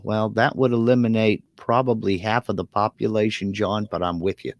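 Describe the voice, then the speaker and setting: A man's voice: fairly low pitch, fairly even intonation, moderate pace, hardly any pauses, dry recording. A man co-hosting a live stream in a folksy, easygoing way, reading chat comments aloud. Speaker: co-host.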